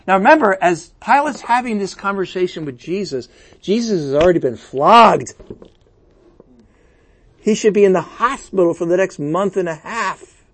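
A male pastor preaching a sermon with animated, conversational asides. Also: high voice, moderate pace.

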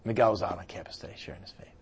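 A man preaching a conversational sermon, swinging between loud exclamations and quiet asides. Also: sits low, steady tone, rapid-fire. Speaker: pastor.

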